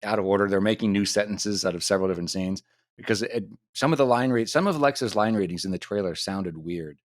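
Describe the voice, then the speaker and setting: A man co-hosting a casual film discussion podcast, relaxed and agreeable, often backing up his partner. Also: lowish voice, fast, no room sound, clean studio sound. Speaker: podcast co-host.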